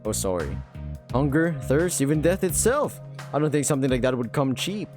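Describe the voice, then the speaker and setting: An easygoing, cheerful young dragon, as a man reading a game puts him on, reassuring and chatty in a mid-pitched voice. Faint music plays behind him. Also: sing-song, moderate pace, close to an everyday voice. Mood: upbeat. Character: friendly upbeat young male dragon.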